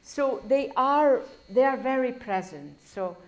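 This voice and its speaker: A woman's voice: sits high, lively intonation, takes it slowly. Professor with a foreign accent, a woman, lecturing loosely with wry digressions. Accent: foreign accent in English. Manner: discursive, self-correcting, wry asides. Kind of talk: university lecture.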